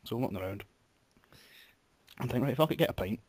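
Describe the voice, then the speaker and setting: A man's voice: medium pitch, expressive, quick pace, a little mellow, breathy edge, no echo. A young man hosting a podcast, telling a rambling story with swearing and laughter. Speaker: podcast host. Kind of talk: casual storytelling chat.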